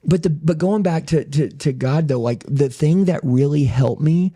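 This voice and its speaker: A man's voice: on the high side, moderate pace, dark tone, slightly rough. A middle-aged man telling his life story as a podcast guest, intense and emphatic, swearing casually. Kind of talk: conversational interview storytelling.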